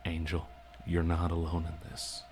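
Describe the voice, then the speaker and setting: A man voicing a steady, gruff man who calms a friend by telling him a story. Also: sits low, measured pace, slight background noise. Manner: firm then gently storytelling.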